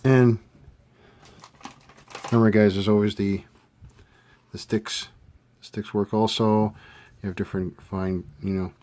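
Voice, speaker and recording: A man giving a casual hands-on modeling tutorial, thinking aloud with relaxed fillers as he works. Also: lowish voice, a little slow, pauses often. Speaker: scale model hobbyist demonstrating a kit build.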